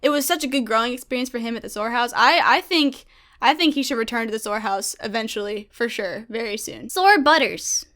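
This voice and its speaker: Bubbly, high-voiced young woman. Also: a little fast, a bit bright. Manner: bubbly, giggly, gushing. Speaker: gaming YouTuber. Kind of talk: casual vlog chat.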